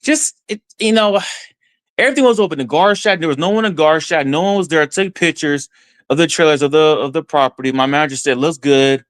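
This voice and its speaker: A man from Texas tells a story as a podcast guest in an excited first-person way, voicing his own reactions as he goes. His voice sits a little high, and the sound is close and dry with no room echo. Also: fairly quick. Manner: excited, retells events with quoted self-talk.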